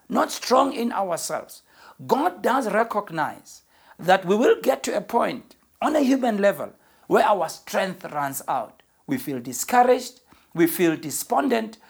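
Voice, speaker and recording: A woman pastor preaching a sermon in an earnest, emphatic way, slowing down to stress key phrases. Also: medium pitch, darkish tone, slightly rough.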